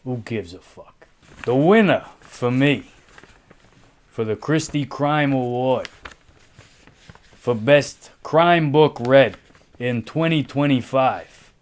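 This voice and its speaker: A man co-hosting a casual book show, jokey and unhurried, with some swearing. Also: medium pitch, darkish tone. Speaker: co-host. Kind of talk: casual chat.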